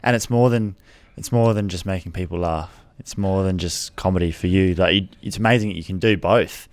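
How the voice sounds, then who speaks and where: Deep-voiced man hosting, dry sound. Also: fairly quick, no room sound. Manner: supportive, short affirmations. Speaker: podcast host. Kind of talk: casual interview chat.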